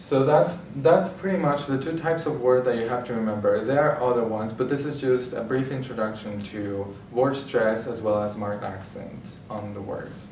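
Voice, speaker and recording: A male Spanish teacher giving a slow, explanatory lecture with frequent restarts. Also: medium pitch, steady tone, darkish tone, slight background noise. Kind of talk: classroom-style lecture. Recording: roomy and distant with faint ambience.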